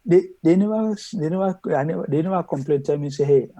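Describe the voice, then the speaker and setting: A man with a noticeable foreign accent in a casual coaching chat, talking haltingly with many repeats, restarts and loose phrasing. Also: fairly high pitch, mellow, no room sound, poor audio. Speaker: interview coaching client.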